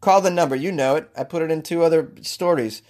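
A comedy podcast host with a fairly high, darkish-toned voice talks at a quick pace. His casual monologue is jokey and rambling, sprinkled with self-mocking remarks.

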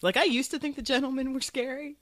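A woman's voice: high voice, fairly even intonation, quick pace, fairly bright tone, a little hiss or hum. A woman co-hosting a podcast in casual chat, making blunt jokes and laughing a lot. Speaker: podcast co-host.

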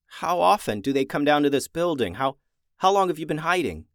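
A man voicing a cautious, curious young boy who asks quick questions. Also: a little high, sing-song, no room sound, clean studio sound, pitched above the performer's own voice.

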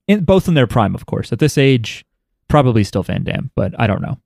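Brief: male podcast co-host, animated and joking, dry close sound. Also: mid-range voice, a little fast, gravelly, no echo. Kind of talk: casual chat.

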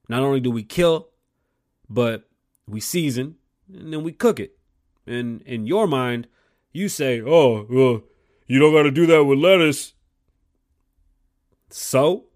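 A man hosting his own talk show, talking bluntly and cursing constantly. He argues combatively with critics he imagines. His voice sits at an ordinary middle pitch for a man. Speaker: podcast host. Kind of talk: profane opinion rant.

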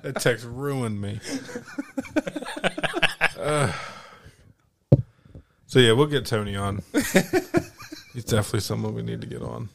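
A man's voice: mid-range voice, measured pace, gravelly, pauses often, slight background noise. A man co-hosting a podcast in casual chat, loose and laughing, swearing often. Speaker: podcast co-host.

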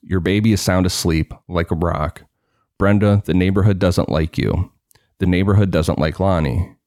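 A man reading out the lines of a calm, cold-hearted male kidnapper in a dispassionate, menacing way. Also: sits low, moderate pace, dry recording, clean studio sound.

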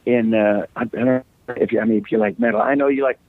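Heard over a dry, tinny call line, this middle-aged rock singer from the United States speaks quickly in a low, steady voice with a slight scratch. As a guest in a casual interview, he jokes and rambles through his stories.

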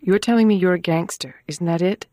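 Voice doing an earnest young schoolteacher woman, direct, pressing questions, mid pitch, dry close sound. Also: a little fast, mellow, no echo, natural voice. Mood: hurt, pressing. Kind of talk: dramatized audiobook reading.

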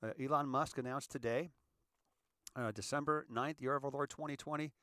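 A middle-aged Californian host delivers a loose, rambling monologue, animated and fairly quick, now and then acting out little scenes with other people's lines. His everyday-pitched voice is heard close up in a dry, dead room.

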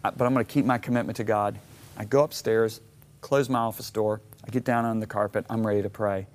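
Animated middle-aged male storyteller. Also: on the low side, a little fast. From Michigan. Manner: animated storyteller, acts out his own shouting. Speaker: guest author. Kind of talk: storytelling interview.

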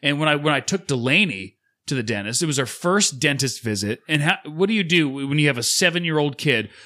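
A man's voice: a little high, animated, fairly quick, pushed and bright. A man in his thirties co-hosting a podcast, telling a rambling, profane story in casual chat and acting out what other people said. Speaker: podcast co-host.

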